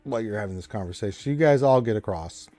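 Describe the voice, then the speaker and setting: A man's voice: lowish voice, expressive, racing, dark tone, faint music behind. A man running a tabletop game as game master, describing scenes with frequent restarts. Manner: descriptive, restarts mid-sentence.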